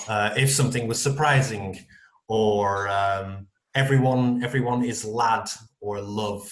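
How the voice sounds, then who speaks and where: An English teacher from North-West England answers student questions on a video call, hesitating with many ums and kind-ofs. He has a fairly low pitch and a steady tone, takes things slowly, and sounds roomy.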